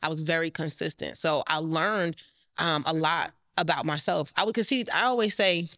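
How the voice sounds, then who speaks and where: A woman's voice: low-pitched, no echo, clean studio sound. A woman in her thirties, a life coach and guest, telling a personal story in a confiding, emotional way. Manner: emotional, confiding, quick bursts when animated. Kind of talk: candid personal story in an interview.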